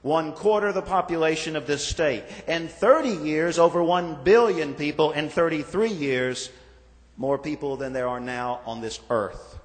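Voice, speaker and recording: A male pastor preaching a sermon, slow and measured, stressing lists of words with falling endings. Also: fairly high pitch. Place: church sanctuary. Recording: reverberant church sanctuary.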